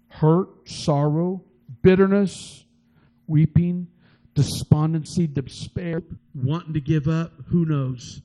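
A man's voice: a little high, dark tone, low-quality recording. A middle-aged man preaching a sermon, retelling a story with emotional, rising and falling delivery and frequent repetitions.

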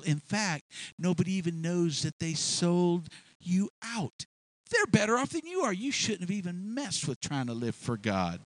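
Male preacher voicing a mocking tempter, sneering and animated. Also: high voice, no room sound, voice pushed up, full character voice. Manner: sneering, taunting.

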